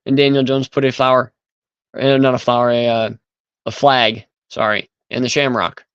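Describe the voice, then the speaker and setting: A man hosting a casual livestream, chatting loosely and thinking aloud as he goes. His mid-pitched voice sounds smooth and resonant, recorded dry and close with no room sound. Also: flat delivery, moderate pace, a bit bright, dry recording, lo-fi sound. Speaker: livestream host.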